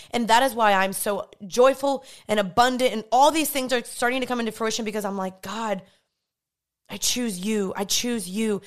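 A woman's voice: a little high, smooth. A young woman hosting a faith podcast, speaking in a passionate, emphatic, repetitive way. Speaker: podcast host. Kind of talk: faith-based podcast monologue.

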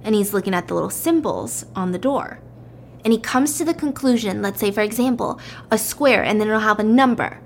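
A woman casually retelling a story, animated and acting out the characters' lines in raised voices. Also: mid-range voice, a little fast, vocal fry, a little hiss or hum.

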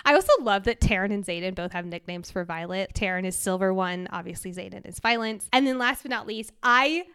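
A young woman co-hosting a podcast, chatting casually about a book with gushing excitement and frequent laughter. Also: mid-range voice, fairly quick, clear, resonant tone. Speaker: podcast co-host. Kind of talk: casual book-discussion chat.

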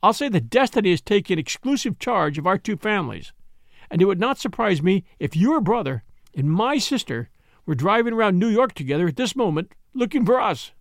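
A man reading a novel aloud and voicing a brisk, impatient young gentleman who talks emphatically. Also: high-pitched, sing-song, no room sound, clean studio sound. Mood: amused. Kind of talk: audiobook character voice.

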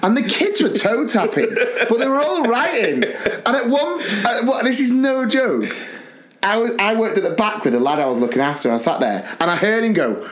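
A man co-hosting a podcast, telling school stories in an animated, laughing way. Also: sits high. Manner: animated, laughing, quick bursts. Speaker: podcast co-host, school teacher. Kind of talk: casual storytelling chat.

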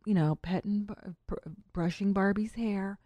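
A woman's voice: medium pitch, steady tone, measured pace, warm tone, no room sound. A woman in her thirties hosting a podcast, chatting candidly, laughing often and rambling with fillers. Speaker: podcast host. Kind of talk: casual podcast chat.

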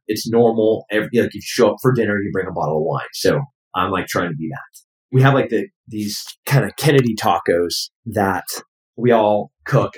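A man with a low voice tells family stories in an easygoing, animated way, switching into quoted voices as he goes. The room around him sounds echoey and open. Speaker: guest. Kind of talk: casual storytelling.

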